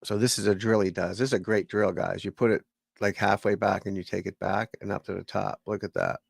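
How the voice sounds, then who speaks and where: A male golf instructor chatting casually on a livestream, with vocal fry, rambling and swearing offhandedly. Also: lowish voice, steady tone, a little fast, dry recording.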